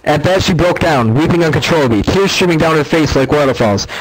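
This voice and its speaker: A man's voice: on the high side, expressive, brisk, rough recording. A man reading a fan story aloud, stumbling and correcting himself as he goes. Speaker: reader.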